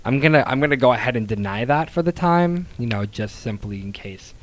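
A man's voice: mid-range voice, lively intonation, a little fast, poor audio. A young man chatting as a guest, laid-back and joking. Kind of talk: casual chat.

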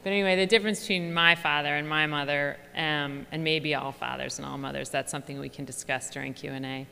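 A woman's voice: deep voice, steady tone, fast talker, gravelly, pushed and bright, clean tone, in a large hall. A woman with a Philadelphia accent giving an effusive, chatty, humorous talk to an audience as an author. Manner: effusive, chatty, laughs often. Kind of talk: lively humorous stage talk. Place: large hall before an audience.

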